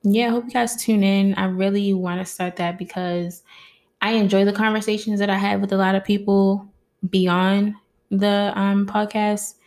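A woman's voice: medium pitch, flat delivery, normal speed, a little mellow. A woman hosting her own podcast, talking casually and heartfelt to her listeners into a mic, often calling them y'all. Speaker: podcast host. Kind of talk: casual solo podcast talk.

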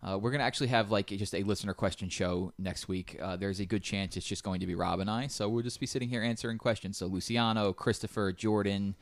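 A man's voice: lowish voice, fast talker, hardly any pauses, no room sound. A man co-hosting a gaming podcast, chatting casually with many fillers and restarts. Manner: relaxed, rambling, many fillers. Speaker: podcast co-host.

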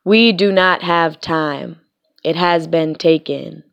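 A woman poet performing spoken-word poetry with a measured, rhythmic, deliberate delivery. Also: low voice, gravelly, dull audio.

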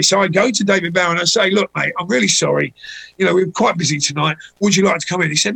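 A middle-aged man spins anecdotes in a casual chat, his voice rough and gravelly with a husky edge. He sits a little high for a man. He jumps into the voices of the people in his stories. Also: fast, rough recording. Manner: anecdotal, animated when voicing people in stories. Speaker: guest.

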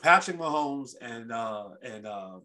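A man hosting a casual sports podcast, telling stories in an animated, rambling way with lots of restarts. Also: mid-range voice, slow pace. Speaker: podcast host.

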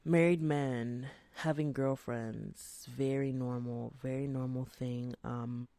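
Low-voiced woman telling a story. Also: takes it slowly, creaky, no room sound. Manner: animated, chatty, drops into hushed asides. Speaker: podcast host. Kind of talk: casual storytelling monologue.

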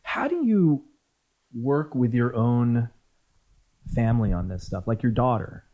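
A woman hosting a podcast, asking questions in a relaxed, encouraging, conversational way. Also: a bass voice, measured pace. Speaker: podcast host. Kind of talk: casual interview chat.

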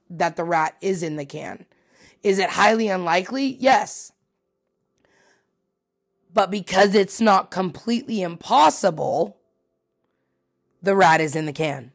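Woman podcaster, kinda low voice, rambling casual and swears a lot, laughs at herself. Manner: chatty, swearing, self-mocking and animated. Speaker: podcast host. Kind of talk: casual solo podcast monologue.

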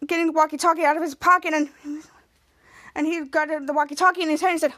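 A woman hosting a podcast, retelling an episode scene by scene in a casual, rambling way. Her voice is very high, and she often stops and restarts her sentences. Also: fairly even intonation, quick pace, fairly bright tone. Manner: rambling, self-correcting retelling. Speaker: podcast host.

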